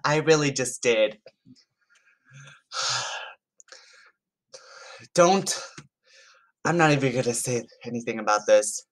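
A man's voice: mid-range voice, animated, slow pace, pauses often, fairly bright tone. A YouTuber chats loosely and with amusement as he reads out text messages. His commentary is casual and unscripted, and he often trips over words and starts his sentences again. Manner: chatty and amused, stumbling over words and restarting.

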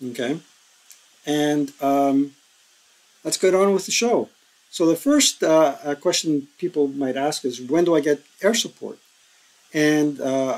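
A man with a slightly higher voice talks through game rules in a relaxed, step-by-step way. His speech is loose and unscripted, with plenty of ums and uhs as he goes, and it turns animated in bursts. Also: poor audio. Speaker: board game tutorial host. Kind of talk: casual rules explainer.

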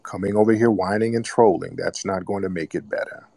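Low-voiced man mocking a caller. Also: fairly even intonation, fairly quick, creaky, warm tone, no echo. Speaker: host of live call-in broadcast. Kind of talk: casual call-in radio talk.

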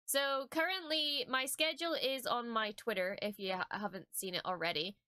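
A woman's voice: fairly high pitch, normal speed, bright, forceful tone, clean tone, dry recording, clean studio sound. A young woman streamer giving chatty, emotional reaction commentary at home, with plenty of fillers.

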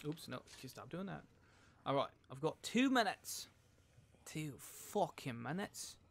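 A man's voice: a little high, big pitch swings, measured pace, vocal fry, a bit bright, a little hiss or hum. A young man streaming a video game, chatting casually in a crude, profane, rambling way between jokes and mutters. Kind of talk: casual gameplay commentary.

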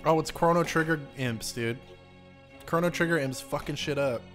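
A man's voice: fairly high pitch, normal speed, fairly bright tone, faint music behind. Laid-back young man streaming a game. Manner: laid-back, says "dude". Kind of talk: casual let's play commentary.

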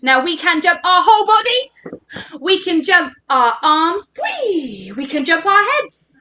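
A woman's voice: very high voice, sing-song, takes it slowly, sharp tone, a little hiss or hum. A woman leading an interactive story workshop for children, talking in a playful, encouraging, sing-song way.

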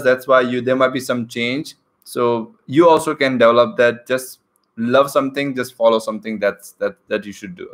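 A man's voice: mid-range voice, fairly bright tone. Indian man reading viewer questions aloud. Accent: Indian English. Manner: reads viewer comments and questions, halting with fillers. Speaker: co-host English teacher. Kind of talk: live online class.

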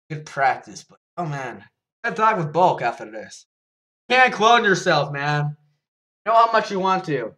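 A man giving live gameplay commentary, excitable, repeating words in bursts and yelping when he gets hit. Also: on the high side. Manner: yelps and laughs when hit. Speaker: gaming YouTuber.

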